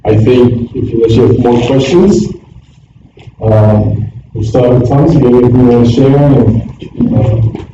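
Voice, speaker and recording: A man leading a church group discussion in a relaxed, informal way. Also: medium pitch, moderate pace. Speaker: group facilitator. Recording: echoey room from far, dull sound, noisy.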